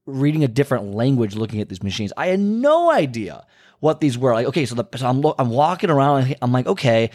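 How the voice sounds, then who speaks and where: A man's voice: sing-song, quick pace, a little mellow. Man, fitness vlogger, chatty and rambling, restarts often, voices quotes. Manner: rambling, self-interrupting, frequent restarts and asides; acts out quoted dialogue with pitch jumps. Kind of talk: casual storytelling monologue.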